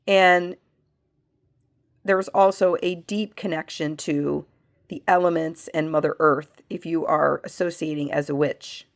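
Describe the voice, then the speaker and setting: A woman who has a cold, working as a medium, leads a spiritual pendulum reading and asks slow yes-no questions that she answers herself. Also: low voice, fairly even intonation, gravelly. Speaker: medium and reiki practitioner.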